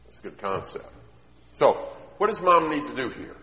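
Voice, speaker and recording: A man's voice: mid-range voice, moderate pace. A man preaching a sermon on parenting, telling stories and asking the audience questions. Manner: storytelling, animated, asks the audience questions. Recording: echoey hall, dull sound.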